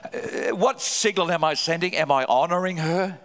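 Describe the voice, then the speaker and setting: A middle-aged man preaching a sermon with fervour, swinging between loud cries and low, quiet stretches. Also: fairly even intonation, fairly quick, hardly any pauses. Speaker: pastor. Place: large church hall. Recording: live hall reverb.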